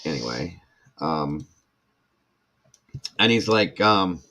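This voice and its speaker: A man's voice: sits low, expressive, slow, sharp tone. An older man, telling a long personal story as a podcast host in casual chat and acting out what others said. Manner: rambling, acts out quoted speech.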